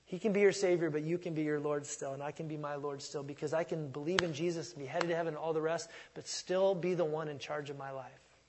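A middle-aged man preaching a sermon in a conversational way, moving between soft asides and loud emphatic lines. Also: fairly high pitch, fairly even intonation, fast talker, long reverb tail, a little hiss or hum. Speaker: pastor.

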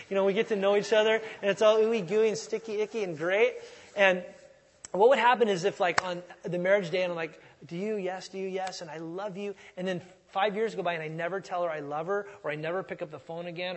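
A middle-aged man preaching a sermon in a conversational way, moving between soft asides and loud emphatic lines. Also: high-pitched, long reverb tail. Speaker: pastor.

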